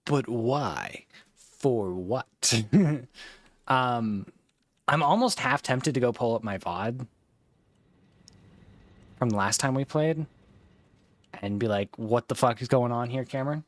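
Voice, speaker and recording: A man's voice: mid-range voice, expressive, slow, pauses often, no room sound. A man streaming a game in casual chat, swearing and joking, his throat strained from holding a raised voice.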